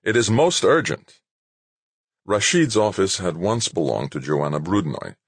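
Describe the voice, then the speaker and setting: A man narrating an audiobook in a measured, expressive way. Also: very deep voice, slightly rough, dry recording. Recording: dry close recording.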